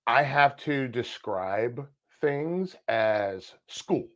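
A man co-hosting a podcast, telling personal stories in a casual, animated way and swearing freely. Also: mid-range voice, drawn-out words. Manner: animated, swears freely, acts out past conversations. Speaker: podcast co-host. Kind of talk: casual storytelling chat.

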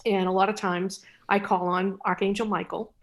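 A woman from New England co-hosting a podcast, telling a personal story in a thoughtful, halting way with many pauses. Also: medium pitch, little pitch movement. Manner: thoughtful, hesitant, many fillers. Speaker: podcast co-host. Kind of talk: casual storytelling chat.

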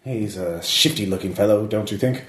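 A man's voice: fairly low pitch, moderate pace, a bit bright, roomy sound, voice pushed down, close to an everyday voice. A man voicing a posh, imperious noblewoman with a plummy, dramatic manner. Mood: suspicious.

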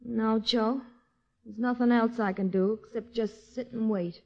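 A woman's voice: on the high side, steady tone, unhurried, vocal fry, muffled recording. An actress playing a worried young woman waiting for her man, in a 1940s radio drama. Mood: anxious.

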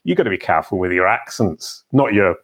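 This English podcast host runs a casual interview with animated energy, his pitch leaping whenever he stresses a point. His delivery is brisk and his voice husky.

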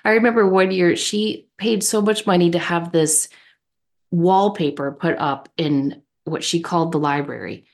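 A woman co-hosting a spiritual podcast, telling a personal story in an animated, chatty way. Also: on the low side, normal speed. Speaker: podcast co-host. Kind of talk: casual chat.

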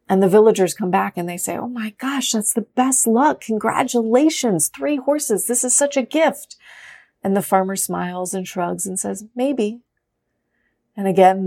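A woman meditation teacher giving a gentle, conversational talk and leading a guided meditation. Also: on the low side, vocal fry. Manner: gentle, conversational, asks "right?" often.

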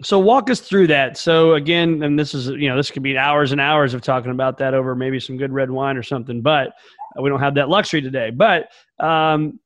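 A man's voice: medium pitch, brisk, dry recording. A man with a Southern American accent hosting a podcast, chatty and friendly, with lots of "uh" fillers. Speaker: podcast host. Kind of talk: casual interview conversation.

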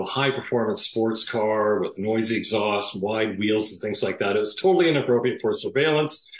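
A man, a former police detective, telling an animated story with lots of fillers and laughs. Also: fairly low pitch, roomy sound, low-quality recording. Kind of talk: conversational storytelling.

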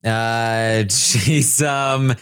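A man's voice: mid-range voice, fairly even intonation, extremely slow, a bit bright, smooth. A man co-hosting a podcast, casually recapping a reality show with many fillers and acted quotes. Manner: acts out housemates' lines in quoted voices, many fillers.

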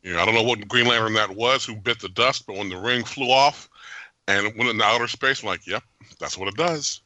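Bright, dry-voiced man reviewing a film. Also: fairly low pitch, fast, no room sound. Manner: animated, jokey, opinionated, laughs often. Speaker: podcast host. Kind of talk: casual movie review chat.

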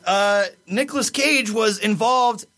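A man hosting a casual podcast from a studio, loud, profane and jokey as he tells a news story. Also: high-pitched, slow pace. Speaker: podcast host.

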